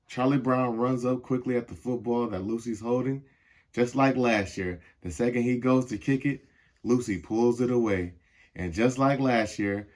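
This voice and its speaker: Young man reading a children's story. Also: mid-range voice. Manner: measured, expressive read-aloud. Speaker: storybook reader. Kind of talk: reading a picture book aloud to children.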